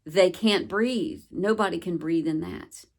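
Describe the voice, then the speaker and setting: A woman vlogger recounting a personal experience in an earnest, searching way, with slow phrasing and many pauses. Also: fairly low pitch, creaky.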